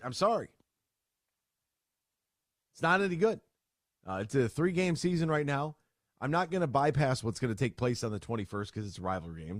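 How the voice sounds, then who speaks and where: A man's voice: mid-range voice, dry recording, clean studio sound. A man hosting a sports radio show, talking casually and bluntly, acting out conversations as he tells stories. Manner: animated storyteller, acts out both sides of conversations; blunt and opinionated. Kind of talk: casual sports talk monologue.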